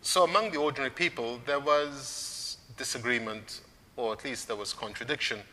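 Man, sermon, bright forceful voice, measured preaching, rising emphasis, long church reverb. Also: mid-range voice. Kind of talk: sermon on scripture.

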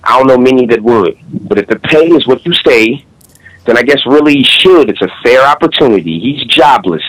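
Fast-talking man in casual chat. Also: medium pitch, rough recording. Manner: fast, animated, slangy, recites his own bars. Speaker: battle rapper guest.

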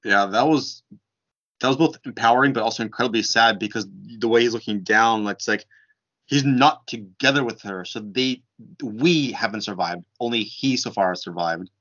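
Low-voiced man explaining, lo-fi sound. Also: moderate pace. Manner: animated, filler-heavy explaining. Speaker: discussion participant. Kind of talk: casual book discussion. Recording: dull lo-fi sound.

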